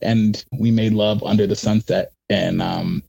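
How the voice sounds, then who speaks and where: A young man, a magician, telling rambling, animated stories in a casual interview and acting out quotes. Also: lowish voice, unhurried, gravelly, breathy edge, lo-fi sound. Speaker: magician guest.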